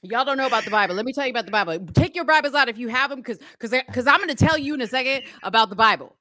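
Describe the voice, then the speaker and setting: A woman impersonating a brash young man who preaches loudly about the Bible. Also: a little high, expressive, very fast, no room sound, pitched above the performer's own voice. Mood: preachy.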